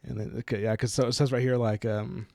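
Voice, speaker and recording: A man's voice: on the low side, little pitch movement, fast talker, creaky, a little mellow, dry recording. A man chats through a book on a casual podcast, slipping into little quoted voices as he retells scenes. The sound is dry and close, with no room around him. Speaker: podcast co-host.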